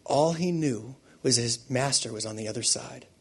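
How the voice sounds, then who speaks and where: A man preaching a sermon with animated delivery, swinging between loud emphasis and quiet asides and laughing often. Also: medium pitch, moderate pace, vocal fry, husky.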